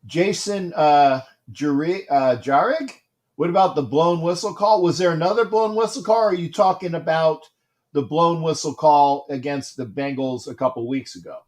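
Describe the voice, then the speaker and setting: A man hosting a casual livestream, greeting viewers by name and commenting on a football game, repeating himself and getting loud at big plays. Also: a little high, moderate pace. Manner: gets loud and excited during big plays. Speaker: livestream host.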